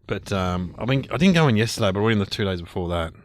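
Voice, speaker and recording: A middle-aged man, a podcast co-host, trading quick jokes in casual chat. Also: lowish voice, expressive. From Australia. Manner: quick, playful banter.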